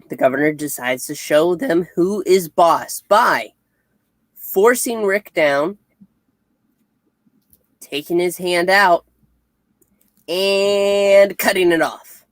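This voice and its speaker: A woman co-hosts a comic review in relaxed, hesitant chat, pausing often as she retells scenes. Her voice sits low and she speaks slowly. The sound is dry and close. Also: dry recording. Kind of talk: casual chat.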